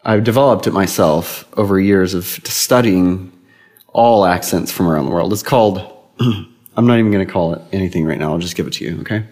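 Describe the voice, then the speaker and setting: A man's voice: deep voice, brisk, darkish tone. A man co-hosting a comedy podcast, chatting casually in a playful, teasing way. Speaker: podcast co-host.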